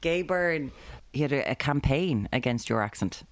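A woman's voice: very deep voice, animated, moderate pace. An Irish woman co-hosting a podcast, chatting casually with dry teasing remarks. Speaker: podcast co-host. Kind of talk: casual chat.

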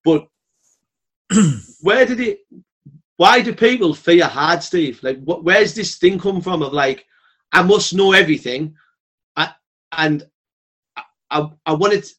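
A man's voice: on the high side, slow, long pauses, slightly rough. Blunt, sweary man. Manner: blunt, sweary, animated storytelling. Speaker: podcast guest. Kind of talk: casual podcast chat.

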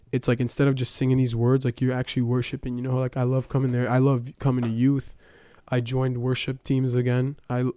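Flat, smooth-voiced young man sharing testimony. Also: medium pitch, dry recording, clean studio sound. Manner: casual, storytelling with many fillers. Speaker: church youth member giving testimony. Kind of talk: personal testimony.

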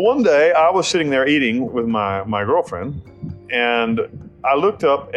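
Heard on a rough recording, a man from the United States with a voice on the low side recounts his life as an interview subject. His talk is rambling and blunt, full of swearing and repeated restarts.

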